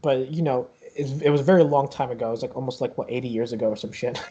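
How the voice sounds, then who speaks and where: Rambling game master, muffled lo-fi sound. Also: male voice, medium pitch, quick pace, crowd noise. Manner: rambling, full of fillers and restarts. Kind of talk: narrating a tabletop game.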